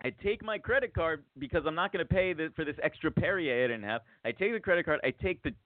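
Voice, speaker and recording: Expressive and fast, a podcast host with a slightly high voice spins a long, rambling story, restarting frequently and acting out quotes. The sound is dry and tinny, like a phone, with no room sound.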